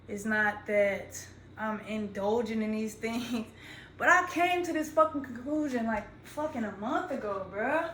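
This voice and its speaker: A woman's voice: fairly high pitch, fairly bright tone, a little hiss or hum. A young adult woman, a content creator, talking straight to her phone in a rambling, profane, slang-heavy vlog monologue. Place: indoors, standing while talking. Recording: echoey room.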